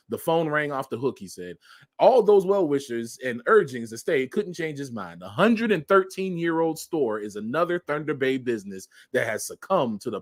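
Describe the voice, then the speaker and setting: A man reading news headlines aloud and adding sarcastic commentary, laughing often. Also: fairly high pitch. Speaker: commentary vlogger.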